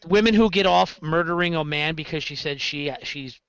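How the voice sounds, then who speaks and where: A man's voice: a little high, normal speed, clear, resonant tone, no room sound, rough recording. A man chatting casually on a podcast about running his games, rambling and correcting himself as he goes. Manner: rambling, self-correcting, animated storytelling. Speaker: game master guest.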